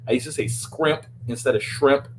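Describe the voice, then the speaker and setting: A man's voice: medium pitch, animated, quick pace, slight background noise, rough recording. A man with a Southern Louisiana accent chatting on a podcast, emphatic and rambling, repeating words when he gets heated. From New Orleans, Louisiana. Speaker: podcast host. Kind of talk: casual podcast chat.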